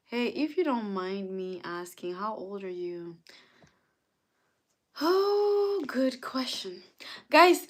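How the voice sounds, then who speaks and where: A young woman hosting a casual live stream, chatting, greeting viewers by name and answering their comments. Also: a little high. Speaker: livestream host.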